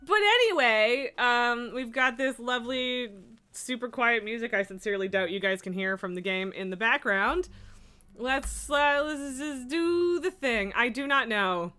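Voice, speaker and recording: Bright lively woman streamer. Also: a little high, measured pace, clear, resonant tone, soft background music. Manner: chatty, coos baby talk at her cats. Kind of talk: casual live-stream chat. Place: home room.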